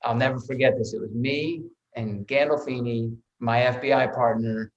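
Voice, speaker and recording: A man, an actor guesting on a podcast, telling anecdotes in a lively way, swearing freely and restarting his words often. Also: mid-range voice, moderate pace, highs cut off.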